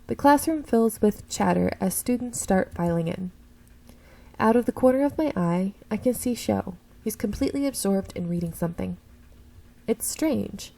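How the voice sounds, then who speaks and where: Gravelly woman reading a story game. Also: mid-range voice, normal speed, poor audio. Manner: expressive first-person reading, slips and corrects herself. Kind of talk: reading a visual novel aloud with asides.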